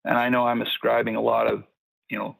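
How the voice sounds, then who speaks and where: A man calling in to a talk show in casual chat, with a measured, agreeable manner. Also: medium pitch, monotone, gravelly, a bit bright, low-quality recording. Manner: measured, agreeable, many "yeah"s. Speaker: caller.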